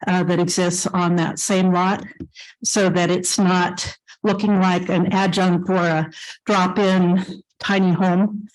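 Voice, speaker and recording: A woman on the council giving measured remarks at a public meeting, with many fillers. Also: on the low side, level tone, rough recording.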